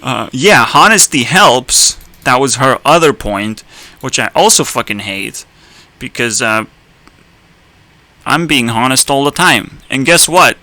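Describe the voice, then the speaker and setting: A young streamer rants bluntly and sarcastically, swearing often and laughing at his own jokes. His medium-pitched voice is pushed and bright and a little slow, and the dry recording has poor audio.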